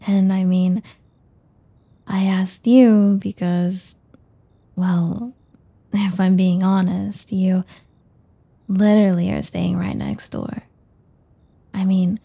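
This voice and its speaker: A woman's voice: medium pitch, creaky, dark tone, husky, full character voice. A young woman voicing a shy, nervous young woman in an audio role-play, talking hesitantly and stumbling over her words with many restarts.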